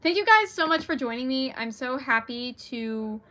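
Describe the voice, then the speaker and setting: Young female author, livestream host; higher-pitched, bright tone, laughs a lot, chatty and self-deprecating. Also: lively intonation, normal speed. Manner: giggly, rambling, self-deprecating. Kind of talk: casual livestream chat.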